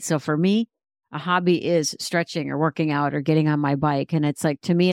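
A woman's voice: deep voice, no echo, clean studio sound. A middle-aged woman, a guest author and speaker, giving a personal faith testimony in an earnest, reflective way.

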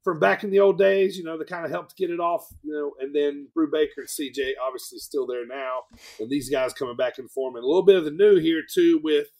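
Gravelly-voiced man hosting a podcast. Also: on the high side, brisk, darkish tone. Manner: rambling, filler-heavy recap. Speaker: podcast host. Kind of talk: casual chat.

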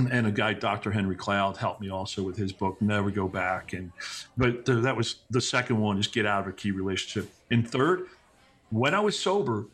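A middle-aged man, a podcast guest, telling personal stories in a casual, animated way, with many restarts and quick asides. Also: fairly low pitch, breathy edge. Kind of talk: casual conversational storytelling.

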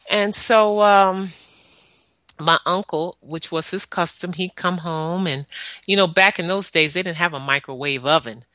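Earnest, bright-voiced woman telling her story. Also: on the low side, no echo. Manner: earnest, halting with frequent pauses. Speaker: guest sharing her life story. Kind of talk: personal testimony, storytelling.

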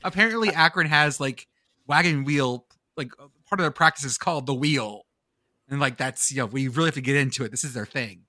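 A man co-hosting a casual sports podcast, excitable and profane. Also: medium pitch, fairly quick, no echo, clean studio sound. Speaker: podcast co-host.

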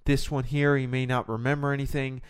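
A man's voice: medium pitch, flat delivery, brisk, clean tone, dry recording, studio quality, lightly acted. A man putting on a careless rambling surgeon. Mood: offhand. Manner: put-on accent, offhand rattled-off warnings. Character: rambling careless male surgeon teaching a trainee.

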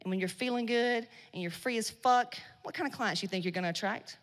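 A woman's voice: a little high, a little fast. Blunt, swearing woman in an echoing hall. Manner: blunt, swearing, slangy and loud in bursts. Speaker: speaker at a women's business event. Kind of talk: profane motivational talk to a live audience. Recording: long hall reverb.

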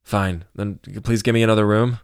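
A cocky, brash young man who is used to getting his way, pushy and playful, as voiced by a male audiobook narrator. His voice is deep and low. The recording is dry and close. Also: steady tone, moderate pace, smooth, no echo, lightly acted. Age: young adult. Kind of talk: audiobook character voice.

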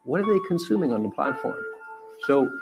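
A man explains his point in a measured, formal presentation, his pitch moving with lively swings. His voice has a gravelly edge, and clear music runs underneath him. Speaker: speaker in a quoted clip. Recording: clip with music behind.

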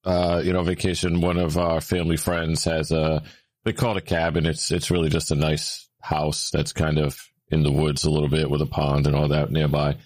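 A man telling a story in casual chat, with lots of fillers, getting louder and higher when he gets worked up. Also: normal speed, no room sound. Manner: animated, rising when worked up, many fillers.

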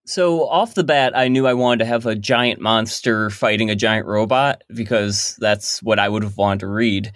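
A man's voice: on the low side, normal speed, hardly any pauses, fairly bright tone, dry recording, clean studio sound. A man being interviewed on a podcast about his work, explaining his ideas at length in casual chat. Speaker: guest comic creator.

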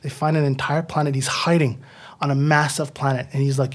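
A man who is a comedian guest, telling a story in a rambling, animated way with lots of fillers and swearing. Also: mid-range voice, brisk. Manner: rambling, animated, fillers and profanity, acts out quotes. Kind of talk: casual podcast storytelling.

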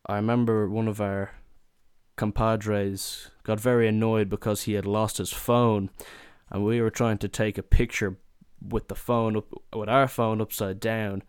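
A young man with a fairly low voice spins a rowdy holiday story, cursing often and throwing himself into the voices of the people in it. The sound is close and dry, with no room around it. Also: level tone, unhurried, smooth, no echo. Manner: swears a lot, acts out quotes in raised voices. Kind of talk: casual comedic anecdote.

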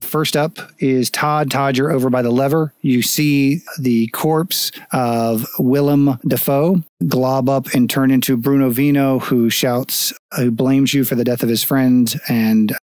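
A man running a tabletop game as game master, giving brisk, matter-of-fact rulings. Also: mid-range voice, steady tone, darkish tone, dry recording.

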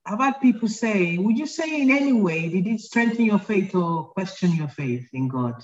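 A woman hosts an interview with a mid-range voice. She affirms and gently encourages her guest. The audio is dull and lo-fi. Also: medium pitch, animated, normal speed. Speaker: host. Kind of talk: interview conversation. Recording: muffled lo-fi audio.

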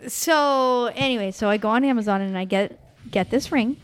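A woman in her thirties co-hosting a podcast, chatty and quick to laugh, steering the story along with "anyways". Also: fairly high pitch, smooth, no room sound. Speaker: podcast co-host. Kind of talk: casual storytelling chat.

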